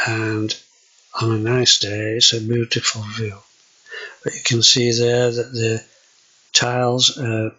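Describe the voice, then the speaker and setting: A man's voice: medium pitch, pushed and bright, breathy edge, low-quality recording. An older man with a Yorkshire accent, hesitantly walking viewers through his kitchen in a casual home video. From Yorkshire, England. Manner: slow, hesitant, with many fillers. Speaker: vlogger.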